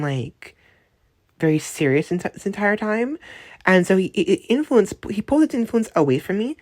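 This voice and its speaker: A woman with a notably low, deep-set voice talks through a dream in a casual, unscripted voice memo. She rambles, doubles back on her words and keeps checking in with the listener. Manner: rambling, many restarts and tag questions. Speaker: dream storyteller.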